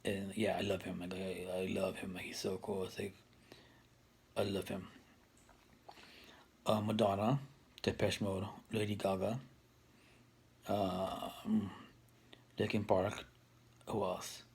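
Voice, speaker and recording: A man's voice: sits low, level tone, slow pace, long pauses, darkish tone, slightly rough. A man in his thirties talking to camera for his own video channel, rambling with many restarts and fillers. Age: 30s. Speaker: vlogger. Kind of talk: casual talk to camera.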